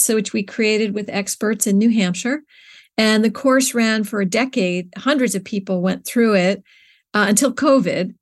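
Earnest middle-aged woman telling her story. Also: mid-range voice. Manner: earnest, searching, frequent restarts and fillers. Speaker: interview guest, nonprofit co-founder. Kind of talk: conversational interview.

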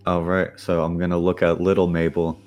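Deep-voiced man playing a tabletop game. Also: monotone, brisk, darkish tone, highs cut off, faint music behind. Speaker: player. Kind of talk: tabletop role-play.

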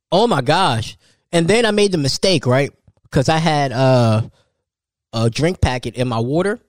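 Man, solo podcast host; lively storyteller, slightly high pitch, dry sound. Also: dry recording. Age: 30s. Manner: animated storytelling, jumps high for quoted voices.

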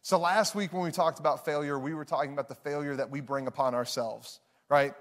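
A man's voice: a little high, fairly even intonation, brisk. A man in his thirties, a pastor preaching a sermon to a live room, telling a story with frequent restarts and acting out the voices in it. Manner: acts out voices in anecdotes. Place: church hall with live audience.

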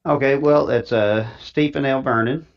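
A man's voice: mid-range voice, normal speed, lo-fi sound. A man with an East Tennessee Southern accent, talking casually as a guest author in an interview, folksy and rambling with many fillers.

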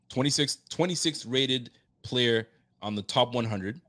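A man hosting a casual sports podcast, animated and laughing, getting loud for emphasis. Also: mid-range voice, a little slow, hardly any pauses. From Haitian roots. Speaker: podcast host.

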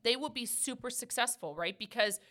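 Loud, bright-voiced woman podcast host. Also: on the high side, a little fast. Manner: loud, animated, laughs often. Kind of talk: casual podcast conversation.

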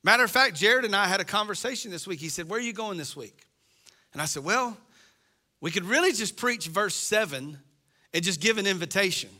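A man's voice: high voice, animated, fairly quick, sharp tone. A middle-aged man preaching a sermon as pastor, impassioned and acting out the voices he quotes.

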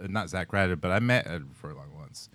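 A man's voice: low-pitched, lively intonation, a little fast, a bit bright, no echo. A young adult man hosting a podcast, rambling in casual, profane banter and laughing often. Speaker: podcast host.

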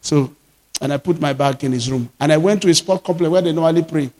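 A man with a Nigerian accent, a pastor preaching and telling lively personal stories in a sermon, slipping into Yoruba. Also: on the high side, fast talker. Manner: lively storytelling, mixes English with Yoruba. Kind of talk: sermon storytelling.

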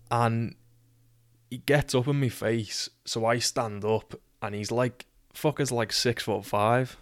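A man's voice: medium pitch, dry recording. A young man with a Scouse accent telling a rambling, wry, swear-heavy anecdote. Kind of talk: casual storytelling.

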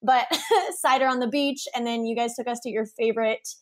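A woman's voice: on the high side, fairly even intonation, a little fast. A young woman, a wedding photographer guest on a podcast, telling a story in a bubbly casual way, laughing often and saying "like" a lot.

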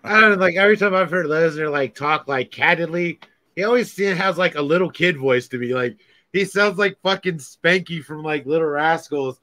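A man co-hosting a casual podcast interview, laid-back and quick to laugh. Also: a little high, bright, forceful tone. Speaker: podcast co-host. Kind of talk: casual chat.

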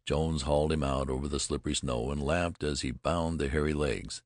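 A man narrating an adventure audiobook in a measured, dramatic storytelling manner. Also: very deep voice, steady tone, no echo, studio quality.

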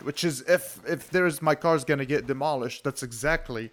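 A man's voice: medium pitch, normal speed, a bit bright. A man co-hosting a podcast, sarcastic and profane, mocking things in casual banter. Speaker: podcast co-host.

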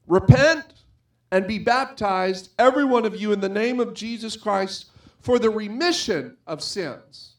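Male pastor, fairly high voice, earnest conversational sermon, middle-aged. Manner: earnest, conversational preaching with personal stories.

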